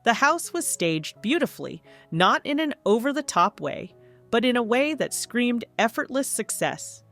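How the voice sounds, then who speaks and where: A woman's voice: fairly high pitch, big pitch swings, unhurried, fairly bright tone. A woman narrating a first-person story in a scripted, wry storytelling manner. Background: faint background music.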